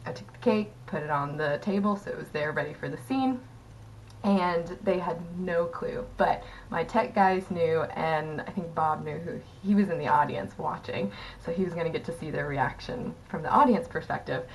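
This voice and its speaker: A woman's voice: fairly low pitch, a little hiss or hum, low-quality recording. A young woman casually telling a funny theater memory, chatty, with many fillers and frequent laughter. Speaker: former theater company member. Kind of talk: casual storytelling.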